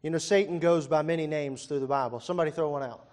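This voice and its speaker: A man's voice: on the high side, quick pace, darkish tone. A young man preaching a sermon, chatty and conversational, asking the congregation questions with wry asides. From Virginia. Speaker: pastor. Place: church hall before a congregation.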